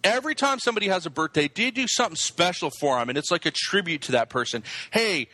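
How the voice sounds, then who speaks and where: A man's voice: sits high, fast, no echo, low-quality recording. A man telling a long, profane story in casual chat, stumbling over his words and restarting often. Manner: animated, profane, stammering restarts.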